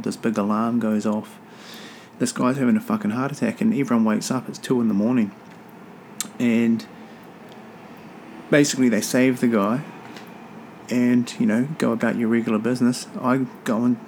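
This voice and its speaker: A man's voice: medium pitch, creaky, darkish tone, a little hiss or hum. A man hosting a rugby podcast from home, talking in a rambling, offhand and profane way. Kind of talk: casual solo podcast chat. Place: home near an airport.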